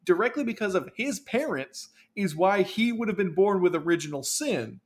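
A man makes his case in casual podcast chat, stumbling and restarting as he goes. His voice is fairly high for a man. He sounds engaged and talks straight through. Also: expressive, moderate pace.

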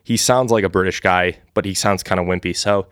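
A man's voice: sits low, steady tone, brisk, fairly bright tone, clear, resonant tone, no echo, clean studio sound. A man casually reading an AI-written adventure story live for the first time, laughing at it along the way. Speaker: storyteller and host.

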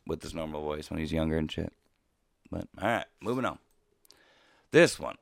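A man co-hosting a podcast in loose, rambling chat, dropping swear words as he goes. His voice sits low. The sound is dry and close. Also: expressive, normal speed, vocal fry, dry recording. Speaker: podcast co-host. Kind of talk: casual chat.

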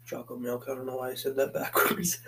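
A man's voice: mid-range voice, completely flat delivery, a little fast, bright, forceful tone, a little hiss or hum, rough recording. Profane rambling man hosting a podcast. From Boston area, USA. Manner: profane, meandering, swears constantly. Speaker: podcast host. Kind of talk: casual solo podcast rambling. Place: basement, pacing back and forth.

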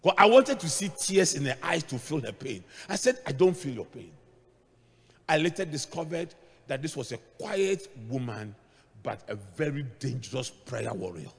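A middle-aged male pastor preaching a sermon, moving between hushed asides and shouted points as he tells stories. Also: on the high side, sing-song, moderate pace, husky. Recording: long hall reverb.

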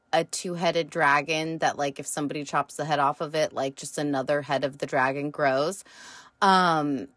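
A woman's voice: low-pitched, a bit bright, dry recording. A woman reviewing a TV show in a casual, rambling chat, full of fillers and the odd swear word.

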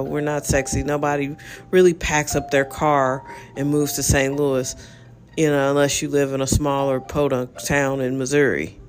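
A man hosting a casual solo podcast, talking in a rambling, frank way full of fillers. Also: fairly high pitch. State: yawning, relaxed. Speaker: podcast host.

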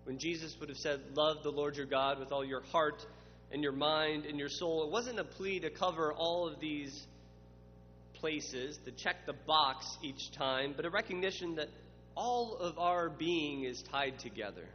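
Man, sermon, somewhat high voice, long reverb, muffled sound. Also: unhurried, a little hiss or hum. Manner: dramatic voices for quoted questioners, builds to emphatic lists. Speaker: pastor.

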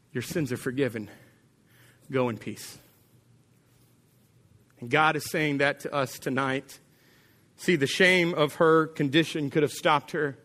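A man preaching with a bright, forceful edge to his voice, pitched a little higher than most men. He tells the story with animated energy and slips into the voices of the people in it. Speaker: pastor. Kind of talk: sermon.

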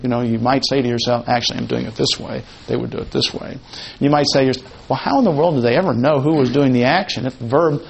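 A man teaching a Bible passage in a conversational way, slowing down to quote and stress words of the text. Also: medium pitch, gravelly. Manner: conversational, explains Hebrew word order, quotes text slowly with emphasis.

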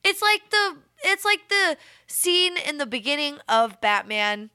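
A woman's voice: sits high, big pitch swings, a little slow, sharp tone, dry recording, studio quality. A woman co-hosting a casual true-crime podcast, rambling with many fillers and acting out quotes. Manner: rambling, lots of "like", acts out quotes. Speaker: podcast co-host.

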